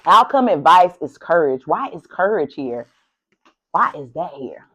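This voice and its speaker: A woman's voice: lowish voice, sing-song, a little slow, fairly bright tone, husky, highs cut off. A woman doing a casual tarot reading to camera, sassy and profane, talking straight to the viewer with lots of animation. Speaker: tarot reader. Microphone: camera mic, speaking to camera.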